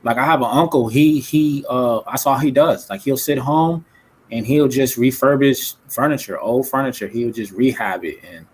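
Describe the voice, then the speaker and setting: A man's voice: mid-range voice, normal speed, slightly rough. Laid-back slangy man chatting. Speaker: guest. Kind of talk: casual chat.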